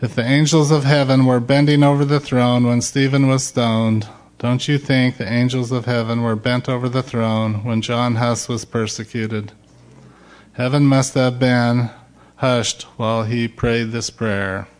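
A middle-aged man preaching a sermon, slow and emphatic, rising loud when he quotes a shout. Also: mid-range voice, flat delivery. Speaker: pastor.

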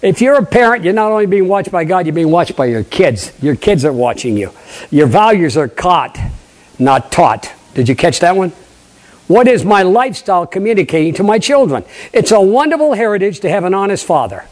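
An older man, a pastor, preaching a lively sermon, acting out conversations and questioning his congregation. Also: sits high, brisk. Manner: animated preaching, acts out dialogue, asks the congregation questions.

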